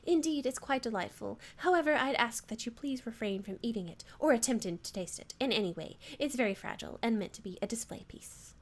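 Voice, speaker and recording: A woman's voice: a little high, lively intonation, brisk, hardly any pauses. A woman voicing a snobby young female rival chef who talks down to everyone in a haughty, snippy way. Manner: condescending, haughty.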